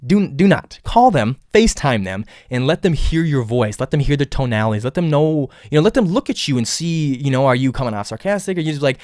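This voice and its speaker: A man hosting his own podcast, talking casually on his own, rambling and repeating words with many fillers, and acting out quoted lines in a higher voice. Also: animated, quick pace, few pauses, darkish tone, no echo, studio quality. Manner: acts out quoted dialogue in a raised voice. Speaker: podcast host. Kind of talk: casual solo podcast monologue.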